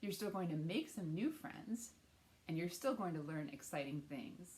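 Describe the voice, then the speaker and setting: A woman, a children's librarian, leads a storytime from her home, talking to young children in an animated, encouraging way. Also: on the low side, moderate pace.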